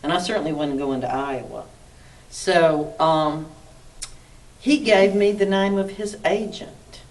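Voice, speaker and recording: A middle-aged woman from the South, an author telling animated anecdotes in an interview, acting out dialogue and laughing often. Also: low voice, slow pace. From Mississippi, US South. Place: arts council interview room. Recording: distant mic with faint background noise.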